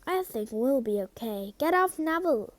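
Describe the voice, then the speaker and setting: A woman voicing a young schoolboy who speaks in hushed tones. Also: high voice, expressive, normal speed, dry recording.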